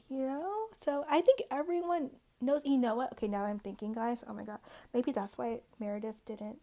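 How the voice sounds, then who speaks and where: A woman recapping a reality show in loose, casual chat, her speech full of "like" and "um". Her voice sits a little high and often drops into a gravelly vocal fry. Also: mellow. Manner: chatty, peppered with "like" and "um".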